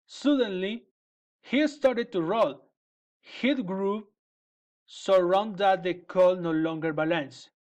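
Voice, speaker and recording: A man reading a children's fairy tale aloud in a gentle, measured way. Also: high voice. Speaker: storyteller. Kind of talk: storybook reading.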